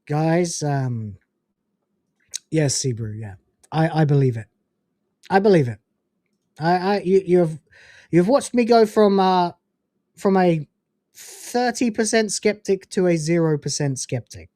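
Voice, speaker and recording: A man's voice: on the high side, slow, long pauses, warm tone, no echo. A man hosting a casual livestream, ranting in a profane, incredulous way and reading out donations. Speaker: livestream host.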